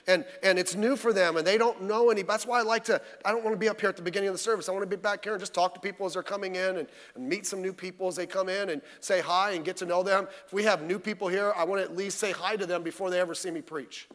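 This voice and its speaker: High-voiced pastor preaching in a big echoing hall. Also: male voice, steady tone, fast talker, hardly any pauses, fairly bright tone. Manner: conversational, folksy preaching with rhetorical questions. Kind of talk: sermon. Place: church. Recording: reverberant church hall.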